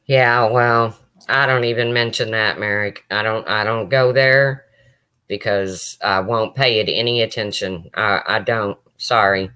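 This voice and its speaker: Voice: medium pitch, steady tone, measured pace, sharp tone, clean tone. A livestream host talking emotionally to viewers and answering chat, close to tears. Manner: emotional, talks straight to viewers.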